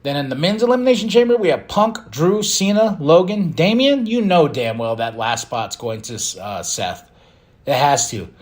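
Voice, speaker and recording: Guy doing a wrestling recap, kinda high voice, jumps all over in pitch, opinionated. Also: normal speed. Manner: animated, opinionated, acts out quotes. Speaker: podcast host.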